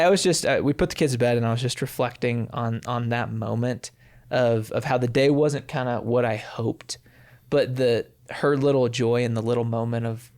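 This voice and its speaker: A man in his thirties co-hosting a podcast, telling a personal story in a relaxed, reflective way. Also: mid-range voice. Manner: warm anecdotal telling, acts out quotes. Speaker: podcast co-host. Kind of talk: casual storytelling.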